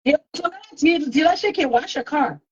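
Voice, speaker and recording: A woman's voice: high voice, lively intonation, normal speed. A woman in casual chat, explaining things in a matter-of-fact way. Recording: dull lo-fi recording.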